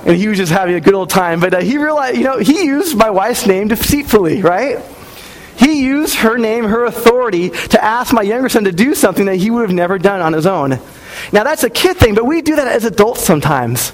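A male pastor in his thirties delivers a sermon with a notably high-pitched voice. He speaks in a relaxed, conversational way and slips into the voices of people in his stories. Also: a little fast, poor audio. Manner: conversational, storytelling with acted-out quotes.

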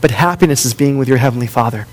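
A man preaching a sermon, telling a story and often dropping to a soft, gentle voice for quiet lines. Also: mid-range voice, rapid-fire, soft background music. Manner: storytelling, drops softer for tender quoted lines. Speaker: pastor.

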